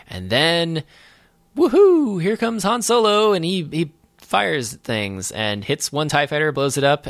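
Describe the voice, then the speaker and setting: A man's voice: mid-range voice, fairly bright tone, clear, resonant tone, no room sound. A man hosting a podcast, recapping a film in casual chat with wry, sarcastic asides. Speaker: podcast host.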